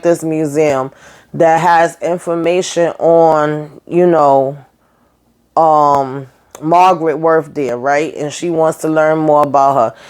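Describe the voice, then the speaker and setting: A woman's voice: deep voice, clean tone. Chatty woman recapping a TV episode. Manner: chatty, animated retelling with acted quotes and asides. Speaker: YouTube reviewer.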